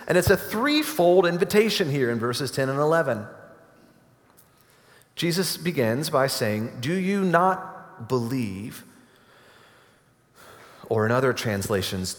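A man preaching a sermon to a congregation, earnest and emphatic, building to forceful climaxes. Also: mid-range voice. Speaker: pastor. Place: church sanctuary. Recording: long hall reverb.

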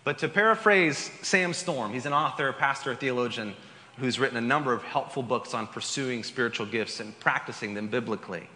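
A man's voice: medium pitch, fairly quick, pushed and bright. A man preaching a Sunday sermon as pastor, conversational and emphatic, with asides to the congregation in a church sanctuary. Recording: long hall reverb.

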